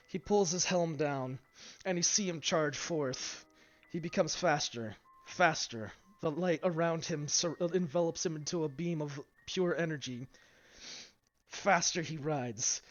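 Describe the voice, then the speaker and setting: A man narrates a fantasy tabletop session as game master, halting over his words with frequent fillers and restarts. His voice sits fairly high for a man. The live stream sounds dull and lo-fi, with faint music underneath. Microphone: streaming mic.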